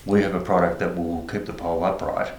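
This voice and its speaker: Deep-voiced calm company representative man. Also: brisk. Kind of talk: explaining a product in conversation. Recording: roomy echo, faint noise.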